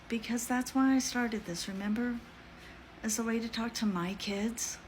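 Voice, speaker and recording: A woman's voice: on the high side, moderate pace, slight background noise. A middle-aged woman vlogging her reaction to camera, exasperated and apologetic, speaking with emotion.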